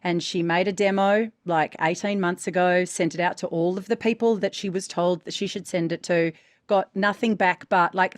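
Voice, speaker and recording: A woman's voice: on the low side, fairly even intonation, normal speed, no echo, clean studio sound. A woman voice-over coach co-hosting a casual podcast, talking frankly and emphatically, often tagging her points with "right?".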